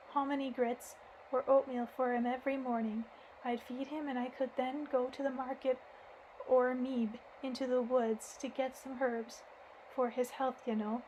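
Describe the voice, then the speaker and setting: A woman's voice: high-pitched, a little mellow, a little hiss or hum, low-quality recording. A woman voicing a sturdy village housekeeper in her forties, telling her worries in folksy rustic speech.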